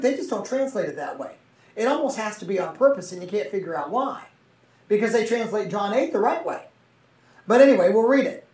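A Bible teacher with a medium-pitched, darkish voice reads scripture aloud and explains it conversationally, often checking in with tag questions. The recording is roomy, with the mic far from him.

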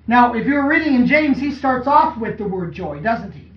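In a church hall, a man with a very high-pitched voice delivers a very animated sermon at a moderate pace with few pauses. He frequently asks the congregation questions and draws answers back, all captured in an echoey, dull recording from a distance.

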